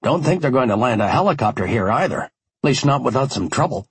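A man reading an audiobook, voicing a brisk, decisive man who takes charge and speaks curtly. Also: mid-range voice, very animated, breathy edge, dry recording. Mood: determined. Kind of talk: audiobook character voice.

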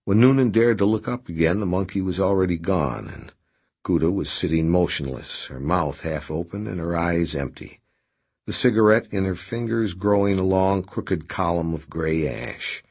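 A man narrating an audiobook in a measured, expressive way. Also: deep voice, slightly rough.

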